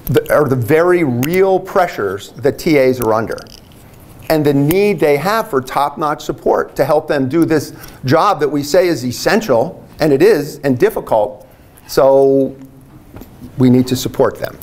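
His retirement talk is relaxed and anecdotal, full of "like" and restarted phrases; the retiring biology instructor, a man in his sixties, has a higher-leaning voice and a slightly slow delivery.

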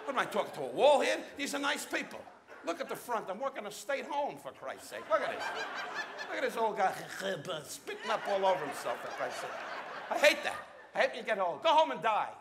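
A high-pitched man doing brash insult crowd work from a casino showroom stage. He barks abrasive jabs at the audience. The old live recording carries plenty of room noise. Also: very animated, brisk. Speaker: stand-up comedian. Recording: archival live show recording with noisy room.

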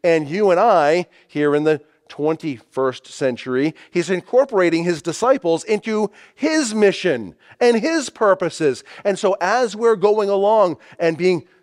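Guy preaching a sermon, slow and deliberate, leans hard on the big lines. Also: sits high, expressive, a little mellow. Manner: emphatic preaching with rising stressed phrases; reads scripture aloud with slow stress. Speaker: pastor.

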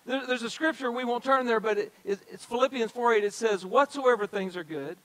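A man's voice: very high-pitched, a little fast, fairly bright tone, low-quality recording. A man as a pastor preaching a sermon, speaking directly to the congregation and repeating key phrases for emphasis. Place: church sanctuary.

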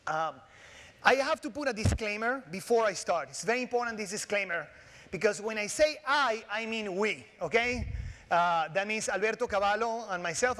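High-voiced Latino-accented man giving a keynote. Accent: Latin American Spanish. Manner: animated, joking, with frequent restarts and fillers. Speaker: keynote speaker. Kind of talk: conference keynote lecture. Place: large conference hall. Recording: long hall reverb.

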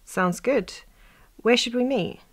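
A woman voicing the second friend in a scripted dialogue, brightly agreeing to plans. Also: a little high, slow pace, voice pushed up. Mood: agreeable.

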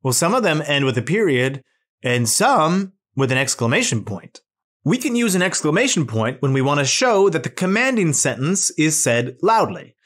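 Speaking slowly and clearly, a teacher narrates a lesson for children. The voice rises and falls in a bouncy, animated way, and the encouraging tone is meant to hold young kids' attention.

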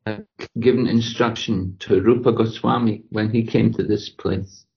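A man retells a scripture story in a lecture, pausing and restarting his phrases. His voice has a gravelly edge. The recording is dull and lo-fi. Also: lowish voice, fairly even intonation. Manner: halting, repeats words, many "you know". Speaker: scripture class speaker.

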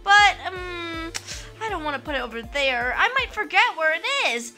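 A woman's voice: very high-pitched, lively intonation, moderate pace, bright, forceful tone, exaggerated voice. Gracie, a woman voicing a bubbly, squealing girl. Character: excitable, cheerful girl building a base. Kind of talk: gameplay role-play commentary. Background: background music.

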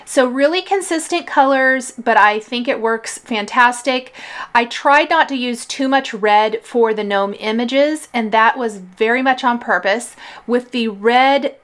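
A woman's voice: on the high side, unhurried. Chatty woman explaining a craft tutorial. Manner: relaxed, chatty, explaining each step. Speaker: card-making tutorial host.

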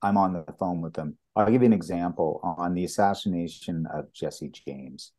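Deep-voiced man telling stories. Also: moderate pace. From Canada. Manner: animated storyteller, acts out quoted dialogue. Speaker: property master, guest. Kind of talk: anecdotal storytelling in an interview.

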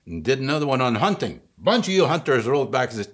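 A man's voice: mid-range voice, big pitch swings, fast, a bit bright, slightly rough. A man giving a casual vocabulary lesson, patient and chuckling often, checking in with the listener after each word. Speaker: language teacher.

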